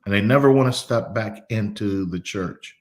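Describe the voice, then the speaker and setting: A middle-aged man, a pastor, telling a personal story in an unhurried devotional way, often repeating his words. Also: fairly low pitch, darkish tone.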